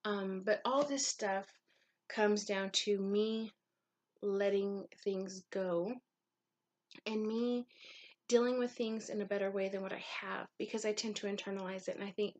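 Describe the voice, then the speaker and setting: Candid rambling woman vlogging. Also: medium pitch. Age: adult mother of young children. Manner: candid, rambling, with frequent ums and casual swearing. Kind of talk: confessional vlog monologue.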